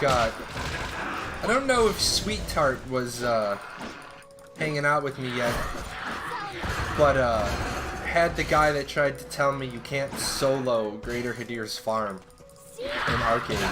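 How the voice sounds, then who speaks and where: A man's voice: mid-range voice, expressive, slow, long pauses. A man from the United States streaming a video game, rambling casually with frequent swearing and laughter. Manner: rambling, profane, laughs often. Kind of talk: casual gameplay commentary. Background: game music and keyboard typing.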